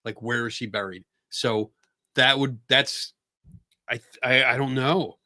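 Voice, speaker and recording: A man's voice: medium pitch, steady tone, a little slow, pushed and bright, dry recording, studio quality. A man with a Philadelphia accent and a stuffy nose hosts a casual livestream chat from a room at home. He rambles and halts, stumbling over restarts and laughing often. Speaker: podcast host.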